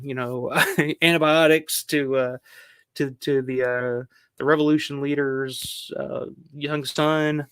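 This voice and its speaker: Brief: male host of a film countdown, rambling and loose, gravelly tone, mid pitch. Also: fairly bright tone, no room sound, clean studio sound. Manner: rambling, filler-heavy, swears casually. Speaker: film review channel host. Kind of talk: casual countdown commentary.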